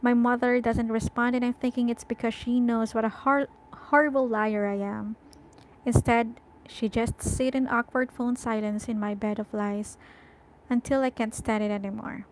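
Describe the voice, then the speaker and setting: A woman reading a first-person novel aloud in a slow, deliberate way. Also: on the high side, steady tone, slight background noise, poor audio. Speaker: audiobook reader.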